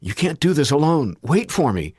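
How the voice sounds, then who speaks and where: A man voicing a frantic older sister woken in the night, pitched far above his own voice. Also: sing-song, normal speed, a little mellow, slightly rough, dry recording, studio quality, heavily acted.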